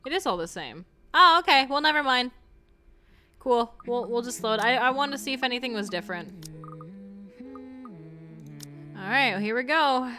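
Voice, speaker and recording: A young woman streaming a game and chatting casually, excitable and swearing freely. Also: on the high side, moderate pace, long pauses.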